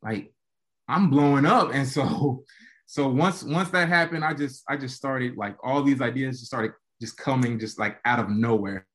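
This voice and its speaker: A young man, a college football player, telling a casual story as a podcast guest and acting out quotes in an animated way. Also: normal speed. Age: young adult. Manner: animated, acts out quotes with jumps in pitch.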